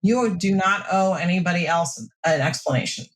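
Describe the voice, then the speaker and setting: Woman counselor giving calm advice. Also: fairly low pitch, normal speed. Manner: steady, reassuring advice-giving. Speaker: mental health counselor guest. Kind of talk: podcast interview advice.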